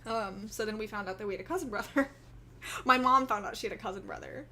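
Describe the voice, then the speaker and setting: A woman's voice: medium pitch, quick pace, bright, forceful tone, slight background noise. A young woman from Texas telling a family story in a casual vlog, rambling and giggling often. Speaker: vlogger.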